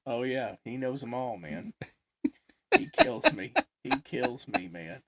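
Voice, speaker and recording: Middle-aged guy on a podcast, bright voice bouncing all over, telling stories and cracking up, dry close mic. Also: mid-range voice, huge pitch swings, slow. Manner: rambling anecdotes with lots of laughter and acted quotes. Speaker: podcast co-host. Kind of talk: casual chat, storytelling.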